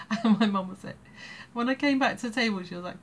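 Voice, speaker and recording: A woman's voice: fairly high pitch, brisk. An English woman in her sixties telling a family anecdote in a casual, rambling way, laughing between phrases. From England. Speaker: storyteller vlogger.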